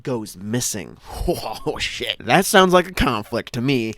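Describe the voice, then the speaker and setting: A man's voice: a little high, lively intonation, normal speed, noisy background. Sarcastic young man riffing on a movie. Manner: sarcastic, profane, exasperated. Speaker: movie review host. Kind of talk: comedic movie commentary.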